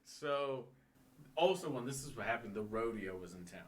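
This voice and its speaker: A man telling a long bar story in casual podcast chat, animated, laughing often and swearing freely. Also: medium pitch, moderate pace, slight background noise.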